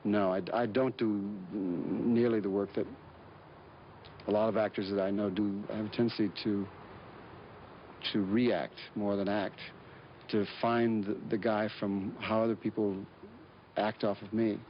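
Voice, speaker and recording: A man being interviewed as an actor, telling stories in a relaxed, rambling way with lots of fillers and restarts. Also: lowish voice, a little slow. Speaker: actor guest. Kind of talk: casual anecdotal interview talk. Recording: dull lo-fi recording with faint hiss.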